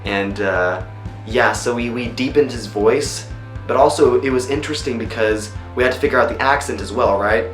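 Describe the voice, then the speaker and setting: A man who works as a voice actor chats loosely about his roles in a behind-the-scenes interview, often pausing on ums and you-knows. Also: medium pitch, fairly bright tone. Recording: roomy room echo. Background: faint music.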